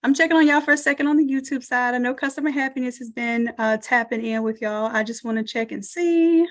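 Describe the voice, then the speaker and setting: Southern woman, slightly high voice, energetic webinar instructor who cheers on her viewers, computer mic on a video call. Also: brisk. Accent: Southern American. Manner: energetic, encouraging, addresses audience as y'all. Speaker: online design course instructor. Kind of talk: live webinar teaching and promotion.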